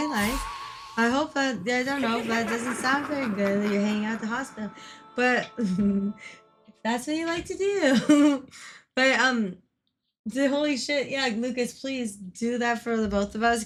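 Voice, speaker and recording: Young woman, livestreamer, casual profane chat, greets viewers, slightly high pitch. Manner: chatty and profane, greets viewers, frequent laughs. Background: game music.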